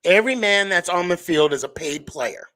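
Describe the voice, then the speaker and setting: A man's voice: high voice, animated, moderate pace, fairly bright tone. A man hosting a live sports podcast stream, talking casually and rambling with lots of fillers and restarts.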